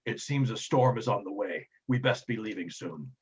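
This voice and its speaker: A man doing a calm, measured lookout. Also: fairly low pitch, husky. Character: calm male lookout in a crow's nest.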